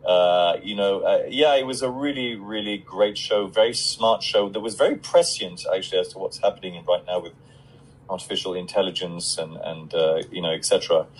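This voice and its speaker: A man's voice: sits low, moderate pace, slight background noise, rough recording. A middle-aged man on a casual live stream, reading out fan questions and answering them in a chatty way with many fillers.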